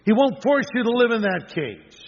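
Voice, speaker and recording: An older man preaching a sermon as pastor, earnest and conversational, with quick asides to the audience. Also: very high-pitched, big pitch swings. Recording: long hall reverb, dull lo-fi sound.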